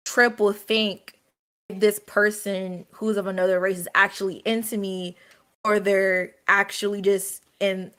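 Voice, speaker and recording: A woman speaking earnestly in a casual group conversation, halting with many fillers. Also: mid-range voice, a bit bright. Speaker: guest.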